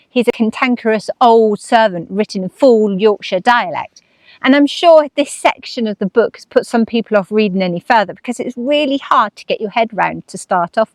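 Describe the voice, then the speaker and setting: A woman's voice: fairly high pitch, no room sound. Chatty woman vlogger with dry close sound. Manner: chatty, acts out her own inner voices. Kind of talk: casual chat.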